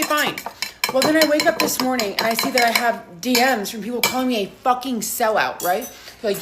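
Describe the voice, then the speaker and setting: A woman's voice: fairly high pitch, normal speed, noisy background. A hungover young woman telling a story in a casual vlog, swearing heavily and animatedly.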